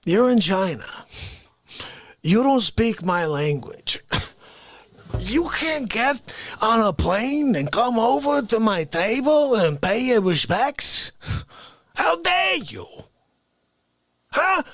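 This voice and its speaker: A man voicing a brash, mob-style New Yorker who loudly demands respect, with a New York accent and drawn-out indignation. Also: extremely high pitch, big pitch swings, no echo, full character voice. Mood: indignant. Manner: indignant, loud, drawn-out outrage. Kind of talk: comedic character bit.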